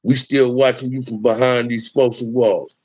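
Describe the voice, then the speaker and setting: Man, middle-aged, husky, dry sound, emphatic preachy street talk, livestream host. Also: medium pitch, little pitch movement, normal speed, a little mellow, no room sound, rough recording.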